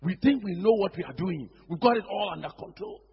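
The preacher's voice is high, brisk, creaky, and slightly rough. Speaking with a Ghanaian accent, he gives an animated sermon in a church hall, voicing church members and using local phrases, captured in a dull, echoey recording.

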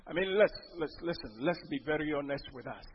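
A man preaching a sermon as pastor, breaking into sudden loud emphatic outbursts. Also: on the high side, brisk, muffled recording, slight background noise.

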